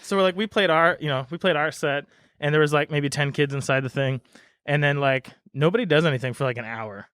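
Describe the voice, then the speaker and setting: A man chats on a podcast and tells a long anecdote. He jumps into the voices of the people in his story. His voice sits a little high and sounds dry and close to the mic. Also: brisk, clean tone, dry recording. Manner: animated storyteller, acts out quoted voices. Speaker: podcast host. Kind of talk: casual storytelling chat.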